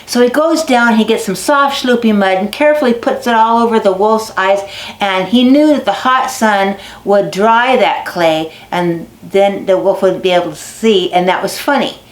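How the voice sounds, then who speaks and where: Lively woman storyteller in an echoing barn. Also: medium pitch, moderate pace. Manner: lively, with dramatic stretched words. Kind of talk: storytelling to children. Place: basket making barn. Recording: echoey barn recording.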